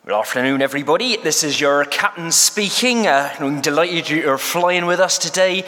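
A man's voice: fairly high pitch, sharp tone. A man putting on a bumbling West Country pilot. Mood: genial. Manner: halting, stumbling announcement. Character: bumbling male airline captain with a rural accent. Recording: echoey church hall.

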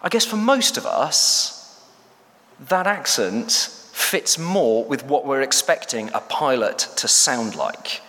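A man's voice: medium pitch, animated, slow pace, fairly bright tone. A man preaching a sermon in a church, chatty and hesitant with many fillers. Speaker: church staff member preaching. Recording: echoey church hall.

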